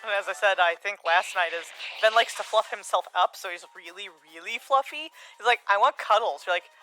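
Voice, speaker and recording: A woman's voice: mid-range voice, fairly quick, pushed and bright, faint music behind, low-quality recording. A woman chatting casually, swearing and laughing while streaming a game. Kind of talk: casual gaming stream chat.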